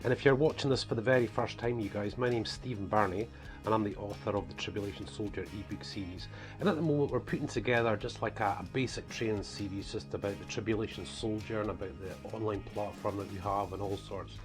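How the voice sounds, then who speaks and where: A man's voice: lowish voice, fast, music in the background. A man from northeast Scotland with a toned-down Scottish accent, an author and preacher talking casually to camera, rambling with lots of "you know" and "guys". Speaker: author and preacher presenting his book series.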